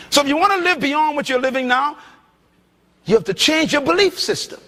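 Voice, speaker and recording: A middle-aged man preaching a sermon from the Bahamas, emphatic, swinging between loud and soft passages. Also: very high voice, big pitch swings, normal speed. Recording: long hall reverb.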